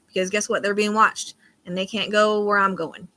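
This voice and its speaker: A woman chatting casually on a livestream as a psychic host. Her voice is bright and forward, sitting at an ordinary middle pitch. She rambles from one thought to the next, often loses her thread, and laughs easily in between. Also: fairly even intonation, moderate pace. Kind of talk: casual live-stream chat.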